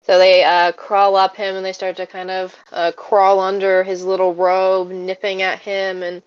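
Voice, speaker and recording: A woman narrating a tabletop game as game master, relaxed and halting with many fillers. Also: mid-range voice, clear, resonant tone, no echo, highs cut off.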